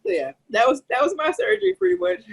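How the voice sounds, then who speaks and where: A woman's voice: extremely high pitch, sing-song, fast talker, gravelly, low-quality recording. A young woman co-host candidly telling a personal story, swearing freely and filling her talk with "like.". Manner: swears freely, many "like" fillers. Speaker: podcast co-host.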